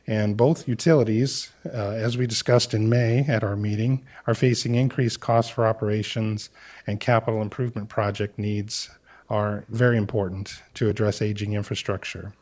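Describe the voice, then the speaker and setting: A city staff member presenting to a council meeting, speaking in a measured way with frequent "uh" fillers. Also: male voice, lowish voice, fairly even intonation, darkish tone. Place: council chamber.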